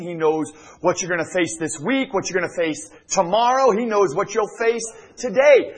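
A middle-aged male pastor preaching a sermon in a church, swinging from loud emphatic lines to hushed near-whispers. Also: high voice, slightly rough, low-quality recording. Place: church sanctuary.

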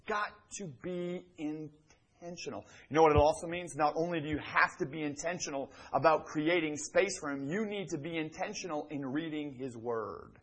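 A middle-aged male pastor preaching a sermon in a church, swinging from loud emphatic lines to hushed near-whispers. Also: fairly high pitch, a little fast, few pauses, slightly rough, poor audio. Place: church sanctuary.

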